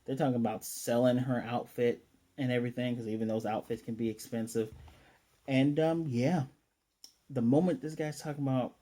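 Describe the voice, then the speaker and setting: American man, mellow tone, casual anime review, rambling, lots of fillers. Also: medium pitch, steady tone, moderate pace. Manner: rambling, many fillers and self-corrections.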